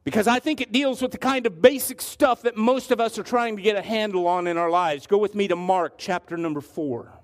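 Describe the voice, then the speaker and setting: High-pitched guy preaching, leans hard on certain words, drags them out slow. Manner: emphatic, slows down to stress words. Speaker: pastor. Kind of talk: sermon.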